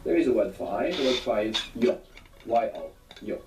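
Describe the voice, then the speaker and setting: A man's voice: on the low side, expressive, fairly quick, background noise. A man teaching a recorded language lesson, patiently prompting and confirming answers. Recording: echoey, distant from the mic.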